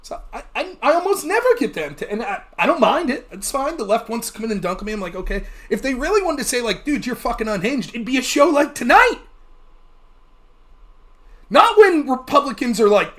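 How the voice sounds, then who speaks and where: A man hosting a livestream, ranting about politics in a casual, profane and animated way. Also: extremely high pitch, a little fast. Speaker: livestream host.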